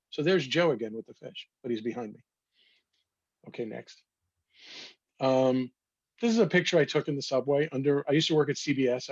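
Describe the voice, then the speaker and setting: A photographer with a slightly rough, husky voice, chatting casually through a slideshow of his pictures. He tells wry little anecdotes with a mid-range pitch. The sound is muffled and dry, close and dull. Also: no room sound. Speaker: photographer presenting his work.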